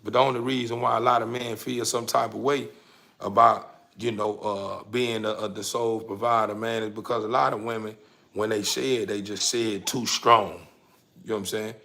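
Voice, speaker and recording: A gravelly-voiced young man sermonizes in a casual monologue. His pitch sits in the middle of the range, and he gets heated and profane. He often stumbles through repeated words. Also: fairly even intonation, normal speed, sharp tone. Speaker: vlogger.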